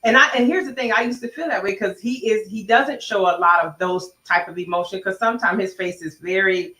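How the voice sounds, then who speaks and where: A middle-aged woman with a bright, forward voice tells her story in a lively way. She slips into both sides of past conversations as she goes, and the room adds a noticeable echo. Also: mid-range voice, fairly quick. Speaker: co-host, pastor's wife. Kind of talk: casual chat.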